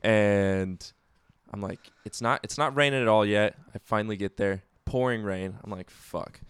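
A man's voice: fairly low pitch, moderate pace, smooth, no room sound. A young man telling a rowdy story in casual podcast chat, swearing a lot and acting out what people said. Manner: animated storyteller, swears a lot, acts out quotes.

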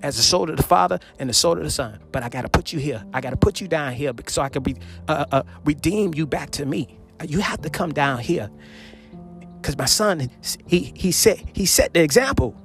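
A man preaching a sermon on scripture with fervor. He repeats phrases, calls out hallelujah often, and swings between loud calls and low murmurs. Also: expressive, fairly quick, creaky, music in the background.

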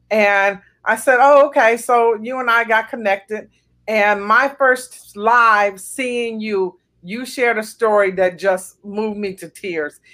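A woman's voice: mid-range voice, a bit bright. A woman hosting a podcast interview over a video call, encouraging her guest with frequent "um"s. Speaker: podcast host. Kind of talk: casual interview chat.

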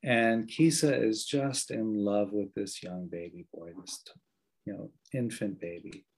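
A man gives a meditation talk and tells a story in a gentle, earnest way. His voice sits low and carries a husky, breathy edge. His phrases often fade softly at the end. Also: measured pace, low-quality recording. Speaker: meditation teacher.

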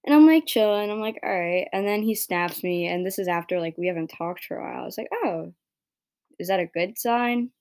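A young woman with an expressive, darkish mid-range voice speaks a little fast while hosting her podcast. Her casual monologue wanders, is peppered with "like" and "right?", includes free swearing, and turns heated when she's frustrated.

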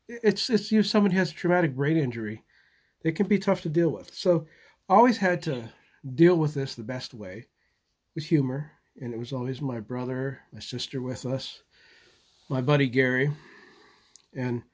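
A man rambles live to his channel, stopping and restarting his sentences and repeating words as he gathers his thoughts. He chuckles now and then and keeps his tone easy and unscripted. His voice sits at a middling pitch. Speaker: channel host. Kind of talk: casual live monologue.

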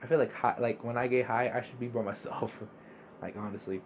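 A man's voice: mid-range voice, steady tone, brisk. Young man, casual monologue, loose and profane, muffled lo-fi audio, faint background hum. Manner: laid-back, rambling, swears often. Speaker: podcast host.

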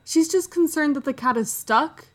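This podcast co-host has a high-pitched voice and talks at a moderate pace. In a laid-back book discussion, she retells the story and voices the characters' dialogue.

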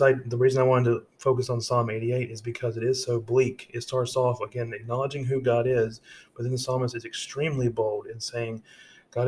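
A man's voice: medium pitch, darkish tone, a little hiss or hum. A man hosting a devotional podcast, reading scripture aloud and then explaining it in a casual way with frequent restarts. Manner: reads verses aloud, then paraphrases them in casual speech with many restarts. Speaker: podcast host.

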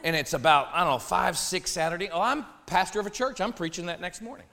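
A gravelly-voiced pastor races through a funny personal story in his sermon. Animated and joking, he drops low, then breaks into shouts.

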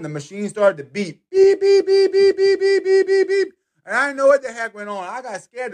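Rambling man telling a story. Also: fairly high pitch. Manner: rambling with many restarts, acts out sounds and voices. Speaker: guest telling a testimony. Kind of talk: casual storytelling.

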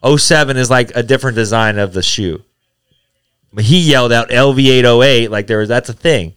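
A man's voice: mid-range voice, brisk, a bit bright, clean tone. A man co-hosting a casual podcast, swearing a lot and ranting in angry bursts. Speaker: podcast co-host.

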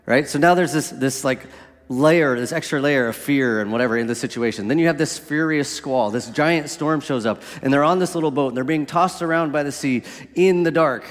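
Conversational male preacher in a reverberant hall. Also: mid-range voice. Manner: conversational, asks "right?" often. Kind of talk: sermon.

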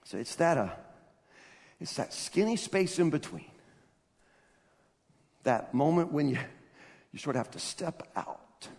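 A man preaching a sermon as pastor. He talks conversationally, with laughing asides and stammered restarts, and builds up to loud, emphatic passages. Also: on the high side, sing-song, measured pace, vocal fry, pauses often. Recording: reverberant hall.

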